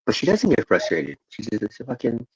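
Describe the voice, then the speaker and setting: A man's voice: mid-range voice, huge pitch swings, fairly quick, darkish tone, slightly rough, no echo. A man chatting casually as co-host, blunt and swearing, heard in a dull, muffled recording. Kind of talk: casual chat.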